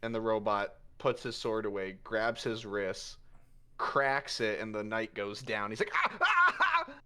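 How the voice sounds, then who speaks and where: A man's voice: on the low side, steady tone, measured pace, fairly bright tone, smooth. A man narrating as game master in a casual, loose storytelling manner.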